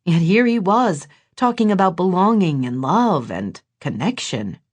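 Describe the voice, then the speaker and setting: A woman narrating an audiobook in expressive, scripted storytelling. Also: fairly low pitch, measured pace.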